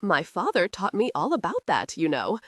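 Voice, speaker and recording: A woman's voice: on the low side, huge pitch swings, normal speed, fairly bright tone, no room sound, studio quality, heavily acted. Woman voicing a whiny entitled young suitor. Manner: whining, self-pitying.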